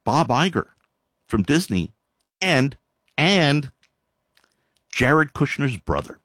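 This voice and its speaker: A man's voice: medium pitch, very animated, takes it slowly, fairly bright tone, no room sound. Exasperated man riffing on the news. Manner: sarcastic asides, sighs, exasperated. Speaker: commentator reading news. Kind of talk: reading news aloud with commentary.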